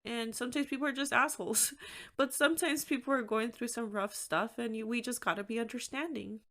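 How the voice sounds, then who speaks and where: A woman's voice: fairly high pitch, fairly even intonation, brisk, fairly bright tone. Candid woman hosting a solo podcast. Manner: candid and conversational, frequent "like" fillers. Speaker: podcast host.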